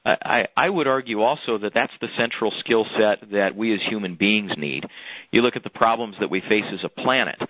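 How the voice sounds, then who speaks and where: A man's voice: fairly low pitch, brisk, dry recording. Male guest, earnest explainer, dry muffled recording. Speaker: business author, guest. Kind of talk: interview answer. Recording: dull dry lo-fi remote audio.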